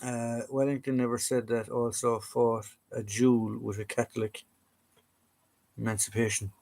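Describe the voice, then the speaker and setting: A man's voice: medium pitch, level tone, a little slow, gravelly, darkish tone. A man with an Irish accent hosting a casual live chat from home, rambling and chatty with lots of fillers and restarts. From Ireland. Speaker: live-stream host. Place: home room full of collectibles.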